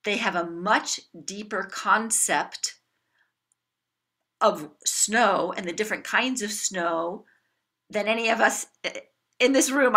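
A woman giving an animated workshop talk to a room of parents, coaching them with acted-out examples. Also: fairly high pitch. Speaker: parenting educator. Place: room with an audience.

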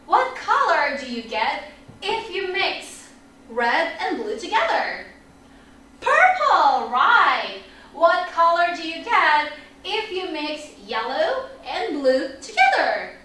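A woman teaching an online English lesson for children, energetic and upbeat, leading repeat-after-me drills. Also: very high-pitched, takes it slowly. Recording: echoey room, mic at a distance.

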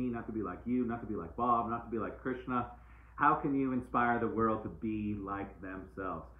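A man giving a casual, playful live-stream oracle card reading, repeating uplifting phrases like mantras. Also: mid-range voice. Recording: echoey room, tinny phone-like sound.

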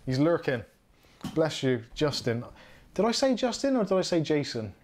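On the high side and very animated, this man's voice is a little mellow and moves at a moderate pace. He's an Englishman with a West Country accent hosting a casual livestream chat from home, rambling chattily and correcting himself along the way.

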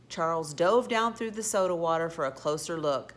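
A woman reading a children's storybook aloud, expressive with occasional slips and restarts. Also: low-pitched, normal speed, hardly any pauses. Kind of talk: storybook read-aloud narration.

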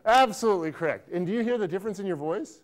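A man's voice: high voice, very fast, mellow. A middle-aged man lecturing an accounting class, playful and teasing, quizzing students and repeating his praise. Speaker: accounting professor.

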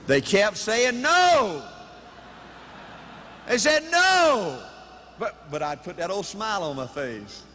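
A man giving an emphatic, repetitive motivational speech to a crowd in a large hall, with bursts of shouting. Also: sits high, sing-song, takes it slowly, long pauses, a little hiss or hum. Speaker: motivational speaker. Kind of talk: high-energy motivational speech.

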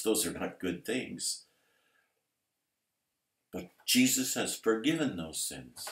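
A man preaching a sermon emphatically, building to loud, intense passages. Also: lowish voice. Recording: roomy echo.

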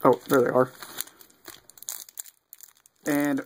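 A man talking casually through an unboxing at an ordinary pitch, reading card names in a steady run. He drops in small excited remarks and plenty of ums and uhs. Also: extremely slow, noisy background. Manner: easygoing, reads off cards one after another; mildly excited asides with fillers. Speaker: video creator opening card packs.

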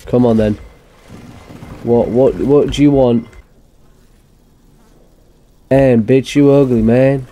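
A man's voice: mid-range voice, fairly even intonation, slow, long pauses, mellow. A man giving let's-play commentary on a horror game, muttering to himself and swearing in frustration at the game. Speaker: gamer streaming a horror game.

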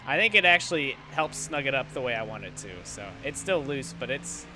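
A young man giving casual, rambling gameplay commentary, sarcastic and quick to swear when frustrated. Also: mid-range voice, animated. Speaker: gaming YouTuber. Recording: loud engine noise behind voice. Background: game engine noise.

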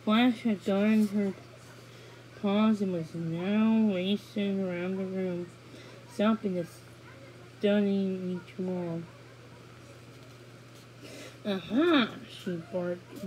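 Woman storyteller, slow unhurried read-aloud of a kids' book, soft and gentle. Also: mid-range voice, little pitch movement, slight background noise, rough recording. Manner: slow, gentle storybook reading with small stumbles. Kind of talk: reading a children's chapter book aloud.

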